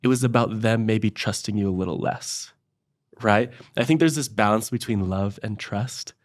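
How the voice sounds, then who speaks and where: A young man co-hosting a faith podcast, thoughtful and earnest in casual chat. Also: on the low side. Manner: thoughtful, earnest, builds his point slowly. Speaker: podcast co-host.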